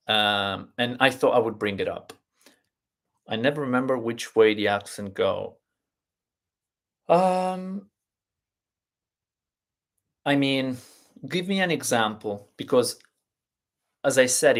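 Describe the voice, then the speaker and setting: A man teaching a lesson live online, explaining slowly with many fillers and restarts. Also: mid-range voice, creaky. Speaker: Italian teacher.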